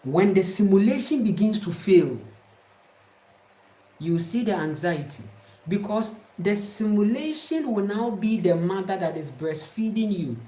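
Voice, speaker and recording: Slow-talking woman preaching. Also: mid-range voice, animated, dark tone. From Ghana. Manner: emphatic, repetitive, preaching. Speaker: spiritual speaker. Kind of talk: spiritual talk to viewers. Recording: roomy echo.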